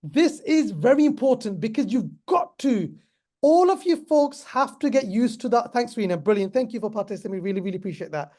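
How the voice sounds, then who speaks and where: A middle-aged man's very high, slightly mellow voice moves at a brisk pace with lively intonation. He runs an online pharmacist webinar, speaking directly to his class in a chatty, repetitive manner.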